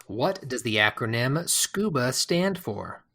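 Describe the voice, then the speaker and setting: A man hosting a podcast, reading out quick-fire questions and answering them himself, often hesitating and rambling with fillers. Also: mid-range voice, big pitch swings, bright, forceful tone. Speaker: podcast host.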